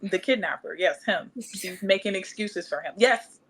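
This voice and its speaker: A woman's voice: medium pitch, normal speed, fairly bright tone, breathy edge. A woman, candidly telling a personal story in casual podcast chat and acting out other people's voices. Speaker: podcast co-host.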